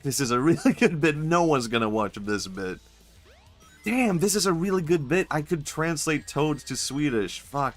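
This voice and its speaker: A young man streaming a video game, rambling and joking, often swearing and laughing at his own bits. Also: medium pitch. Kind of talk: casual gameplay commentary.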